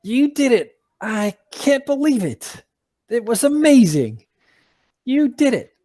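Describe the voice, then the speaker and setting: A man voicing a small, excited male eagle who squawks and gushes with joy. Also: very high voice, slow pace, voice pushed up, heavily acted.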